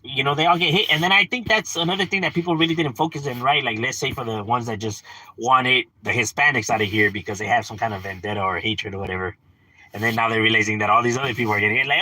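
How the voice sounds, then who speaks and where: Man, casual stream rant, bright tense voice, dry close sound, slangy, curses a lot. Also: medium pitch, fast talker, no echo. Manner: animated, swearing, slangy, laughs often. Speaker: livestream host.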